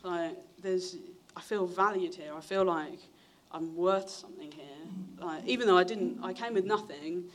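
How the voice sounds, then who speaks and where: A man's voice: normal speed, few pauses, fairly bright tone. A young man, telling his testimony in a sermon in a chatty way, acting out the voices of people he quotes. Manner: chatty storytelling, acts out quoted voices with big pitch jumps. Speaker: preacher.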